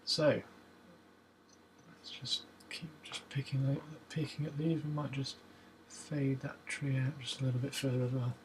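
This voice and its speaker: Man, mid pitch, easygoing self-talk while editing, faint background noise. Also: measured pace. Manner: relaxed, muttering to himself as he works, hums while waiting. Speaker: photo editing vlogger. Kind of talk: casual talk-through of a photo edit.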